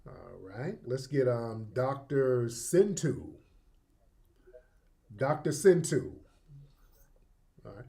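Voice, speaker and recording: Male call-in host, combative, repetitive, mid pitch. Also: warm tone. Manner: combative, repetitive, talks over callers. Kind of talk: live call-in audio room.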